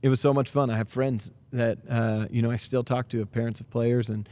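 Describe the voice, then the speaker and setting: A basketball coach in his thirties answers interview questions with earnest energy, restarting sentences and leaning on fillers. His voice is mellow and warm, sitting at an ordinary pitch for a man. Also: flat delivery, fairly quick. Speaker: high school basketball coach. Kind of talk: podcast interview.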